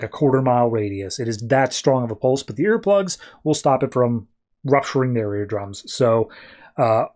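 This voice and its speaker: Chatty man recapping comics. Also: a little high. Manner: chatty, animated storyteller. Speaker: podcast host. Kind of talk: casual comic book review.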